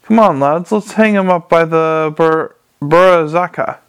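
A man voicing a gruff, excitable male dwarf baker in an audiobook, blustering in a raised voice. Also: fairly high pitch, unhurried.

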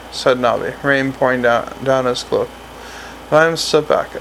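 Male narrator with a gravelly voice. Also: medium pitch, steady tone, unhurried, fairly bright tone, a little hiss or hum, low-quality recording. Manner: reads with small slips and restarts. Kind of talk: audiobook narration.

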